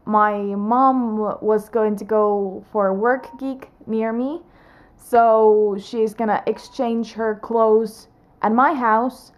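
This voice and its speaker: A woman's voice: a little high, fairly even intonation, takes it slowly, lo-fi sound. A young woman vlogger telling a personal story to camera in a chatty, rambling way, full of restarts and "like".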